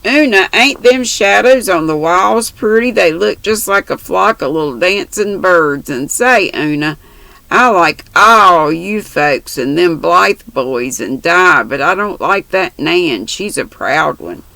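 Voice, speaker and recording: A woman doing a blunt rough-talking orphan girl. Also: fairly low pitch, lively intonation, slow, bright, forceful tone, no room sound, heavily acted, poor audio. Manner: plain-spoken, rustic grammar.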